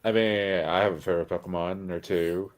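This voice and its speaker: A man's voice: low voice, fairly even intonation, fairly quick. A man chatting as a guest on a casual stream, in a dry, teasing way.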